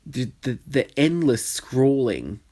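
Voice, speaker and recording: A man's voice: mid-range voice, very animated, takes it slowly, warm tone. Man, solo podcast host, chatty and sweary, wanders off on tangents. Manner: rambling, sweary, goes off on tangents. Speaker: podcast host, drag performer. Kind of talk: casual solo podcast chat. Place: bedroom.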